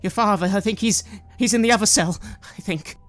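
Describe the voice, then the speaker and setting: A man's voice: high voice, fairly quick, a bit bright, voice pushed up. A man voicing a hardy mother from the boats who stammers with emotion. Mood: determined. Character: hardy boat-folk mother, tough and tearful.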